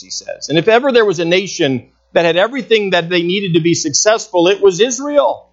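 A man's voice: high-pitched, expressive, highs cut off. Earnest man preaching a sermon. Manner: earnest preaching with slow emphatic phrasing. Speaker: pastor.

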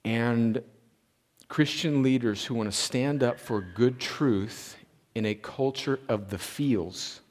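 A man, preaching a sermon as a pastor. He builds to emphatic peaks and then drops into quieter, conversational asides. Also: medium pitch, slow pace. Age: 40s. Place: church sanctuary.

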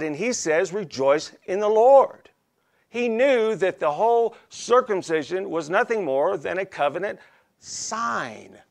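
High, gravelly, animated folksy preacher man. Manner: folksy, conversational, frequent "okay?" check-ins. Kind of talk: expository sermon.

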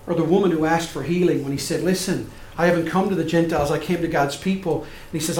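A man preaches with a high, ringing voice that swings from loud and emphatic to soft and hushed. The sound is roomy and echoey, as in a church sanctuary. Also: steady tone, quick pace, hardly any pauses, a little hiss or hum. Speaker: pastor. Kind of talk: sermon.

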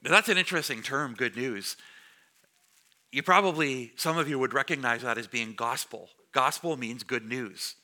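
A man's voice: medium pitch, normal speed, pushed and bright. A man preaching a sermon to a congregation as their pastor, speaking in a conversational way and joking with the listeners. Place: church before a congregation.

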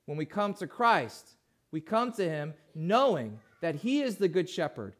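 High-voiced preacher, hushed to emphatic. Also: male voice. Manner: asks the congregation questions, swings from hushed to emphatic. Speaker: pastor. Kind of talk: sermon.

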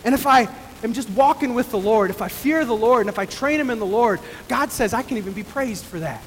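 A man with a very high voice preaches an emphatic sermon, often climbing into excited bursts. His voice carries with a long reverb from a large hall. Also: fairly quick, slight background noise. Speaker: pastor.

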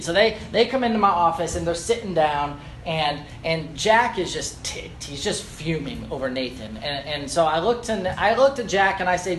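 A man preaching a sermon, earnest and explanatory, slowing down to stress key phrases and building emphasis. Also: on the high side, animated, fairly bright tone, slight background noise.

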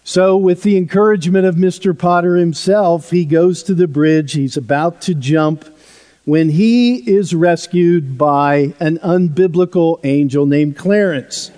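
A male pastor preaching a sermon in a church, telling a story in a conversational way that drops softly at times. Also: on the high side, measured pace. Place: church sanctuary. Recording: long hall reverb.

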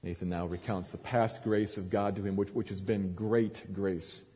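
A man's voice: fairly low pitch, steady tone, moderate pace, warm tone, breathy edge. Man preaching in a reverberant hall. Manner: dramatic retelling, repeats words on restarts. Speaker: pastor. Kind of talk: sermon.

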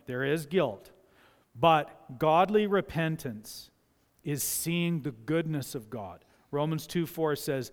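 A man preaching a sermon in a church, his voice high for a man and smooth and resonant. He is emphatic, drops to quiet asides, then rises loud while acting out the voices he quotes. The sanctuary adds a long, trailing reverb. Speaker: pastor.

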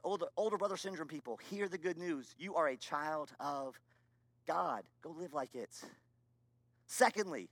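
A man preaching a sermon as a pastor, earnest and emphatic, with repeated phrases and moments of quiet confession. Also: fairly high pitch, normal speed, no room sound. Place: church.

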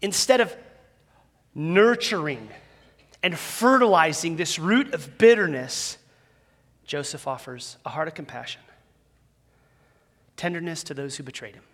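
A man preaching a sermon as a pastor in a church, conversational and animated, with self-deprecating humor. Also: fairly high pitch, a little slow, long pauses. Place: church sanctuary with a live audience. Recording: long reverb of a large hall.

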